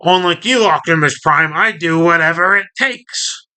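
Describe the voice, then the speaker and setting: A man's voice: a little high, normal speed, pushed and bright, smooth, pitched above the performer's own voice. Starscream, a sneering robot traitor, read by a man. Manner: sneering, boastful. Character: scheming treacherous male robot jet commander.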